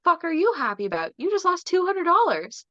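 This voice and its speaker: A woman voicing a crude, swearing bartender in a bar joke with a loud, rough delivery over a dull, lo-fi recording. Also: very high voice, wildly swooping pitch, a little fast, dry recording, voice pushed up, full character voice. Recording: dull lo-fi sound.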